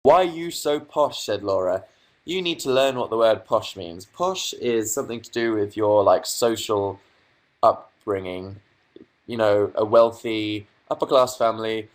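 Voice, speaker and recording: A young man from England hosting a casual livestream from his bedroom, reading out viewer comments and answering them with dry, sarcastic asides. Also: medium pitch. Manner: reads chat aloud, dry sarcastic asides. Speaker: livestream host.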